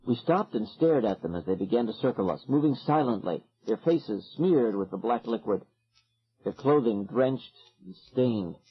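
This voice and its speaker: A man narrates a horror audiobook in the first person, with a husky, breathy voice and a lively, swinging delivery. The audio is dull and lo-fi, like an older recording. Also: mid-range voice, moderate pace. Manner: dramatic, expressive.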